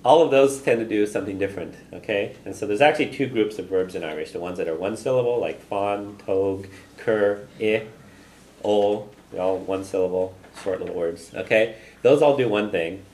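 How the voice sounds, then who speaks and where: A man's voice: lowish voice, moderate pace, a little mellow, slight background noise. A man teaching a classroom language lesson. He explains patiently, models phrases for students to repeat, and often checks in with "okay?". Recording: echoey room with class chatter.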